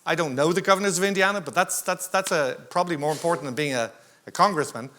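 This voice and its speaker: A man's voice: a little high, fast talker, pushed and bright. A man moderating a conference panel, telling a humorous anecdote to the audience. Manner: joking, anecdotal. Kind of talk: conference storytelling. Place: conference hall stage.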